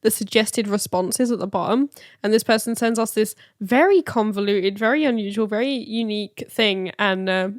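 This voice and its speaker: With a medium-pitched voice at a moderate pace, this woman co-hosts a podcast, keeping the chat light and comedic and laughing readily. The sound is clean studio audio with no echo.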